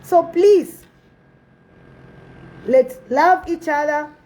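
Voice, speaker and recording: A woman from South Sudan delivers an impassioned address to her community, pleading and exhorting with repeated phrases. Her voice is high with a darkish tone, and she speaks extremely slowly. The recording quality is low.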